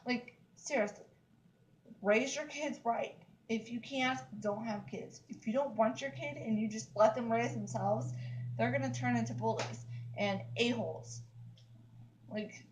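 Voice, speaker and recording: Lady in her 30s venting on her vlog, kinda high voice, keeps saying like seriously. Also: unhurried, a little hiss or hum, low-quality recording. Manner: emphatic, repetitive, fillers like "like, seriously". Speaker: vlogger. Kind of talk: upset casual rant to camera.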